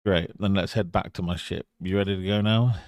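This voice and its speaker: A man's voice: low voice, steady tone, fairly quick, darkish tone, no echo, clean studio sound. A man voicing a rude, scruffy sailor who talks in a blunt, mocking way. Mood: sneering.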